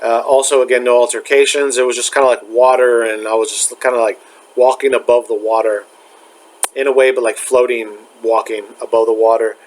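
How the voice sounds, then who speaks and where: A young spiritual vlogger tells a story casually, often circling back and restarting. His middle-pitched voice barely moves, and his halting, searching delivery is thick with fillers. The recording is rough.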